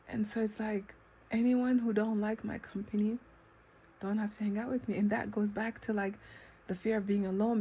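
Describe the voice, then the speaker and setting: A vlogger eats ice cream while filming herself, talking to the camera in a loose, reflective self-talk monologue full of fillers and false starts. Her mellow voice occasionally jumps to high, incredulous exclamations. A faint hiss runs under the recording.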